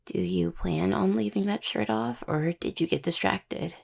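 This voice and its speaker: Whispered role-play, woman voicing a caring necromancer partner, raspy, breathy, soft and teasing. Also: fairly low pitch, unhurried. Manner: soft, intimate, teasing and curious. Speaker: audio role-play performer.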